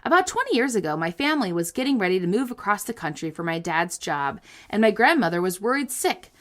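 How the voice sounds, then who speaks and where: A woman's voice: medium pitch, sing-song, quick pace. A woman co-hosting a casual podcast, reading listener stories aloud with playful comic asides and frequent laughter.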